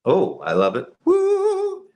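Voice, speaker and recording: In a roomy-sounding recording with a little hiss or hum, a man from Cleveland, Ohio speaks as a guest voice actor on a casual live-stream interview over video call. His voice sits on the low side, a bit bright, at a moderate pace. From his home setup with a lighting kit, he explains things reflectively, filling his speech with fillers.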